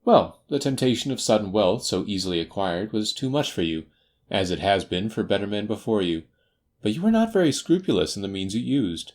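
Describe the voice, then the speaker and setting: A man voicing a confident, faintly teasing detective in a crisp, assured manner for an audiobook. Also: on the low side, big pitch swings, a little fast, darkish tone. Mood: stern. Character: brisk, confident male detective. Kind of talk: audiobook character voice.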